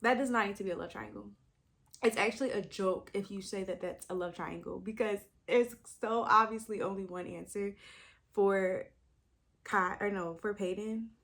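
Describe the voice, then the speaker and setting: A woman's voice: medium pitch, steady tone, moderate pace, gravelly, fairly bright tone. A young woman, talking casually to the camera as a book vlogger, thinking aloud with sudden exclamations. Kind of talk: casual chat.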